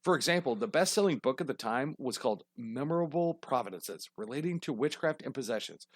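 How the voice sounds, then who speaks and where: A man's voice: medium pitch, expressive, a little fast, dry recording, clean studio sound. A man hosting a podcast, telling a history story casually with lots of swearing and jokey tangents. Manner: profane, rambling, jokey tangents. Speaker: podcast host.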